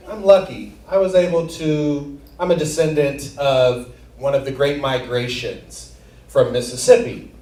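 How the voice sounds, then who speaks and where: A man's voice: medium pitch, darkish tone, reverberant, far from the mic. A man doing stand-up comedy, telling a rambling story and laughing at his own jokes while acting out friends and family. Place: comedy theater stage.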